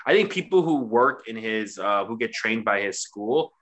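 A man co-hosting a casual wrestling chat, profane and mocking, recapping a show and doing quick impressions. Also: fairly low pitch, animated, a bit bright. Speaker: wrestling podcast co-host.

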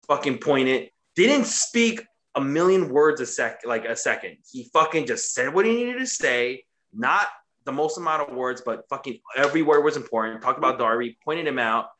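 A man's voice: mid-range voice, moderate pace. A man recapping a show in casual podcast chat, swearing constantly and getting worked up. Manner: profane, excitable, swears constantly. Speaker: podcast co-host recapping wrestling.

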